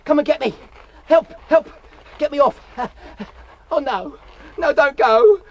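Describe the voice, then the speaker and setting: A man's voice: very high-pitched, takes it slowly, muffled recording, voice pushed up, full character voice. A man voicing a stranded castaway who is going silly on his island, fussy and exclaiming, on a hissy old cassette tape. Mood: forlorn. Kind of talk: radio comedy sketch.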